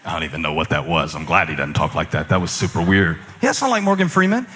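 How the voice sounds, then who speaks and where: A male pastor in his forties preaching a sermon, moving between loud preaching and quiet, low asides, confessional and self-mocking. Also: big pitch swings, quick pace, long reverb tail, a little hiss or hum. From United States. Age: 40s.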